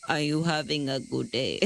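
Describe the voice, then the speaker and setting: A woman's voice: low voice, moderate pace, vocal fry, slight background noise, low-quality recording. A woman streamer chatting casually with her live audience, rambling and self-deprecating, swearing often. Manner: chats directly to her viewers.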